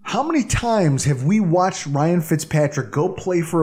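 A man hosting a sports podcast, running through the game preview with animated, dramatic delivery. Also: a little high, measured pace, hardly any pauses. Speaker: podcast host. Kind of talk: excited sports podcast banter.

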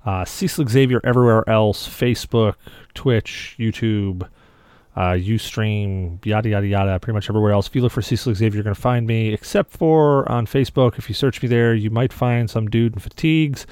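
A man hosting a podcast, telling rambling, animated stories in casual chat. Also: fairly low pitch, fairly quick, smooth, no room sound, studio quality. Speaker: podcast host.

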